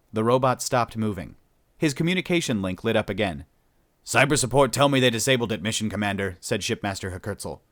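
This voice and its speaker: A man's voice: fairly low pitch, dry recording. A man narrating a sci-fi story as an audiobook reader, storytelling steadily and voicing each character.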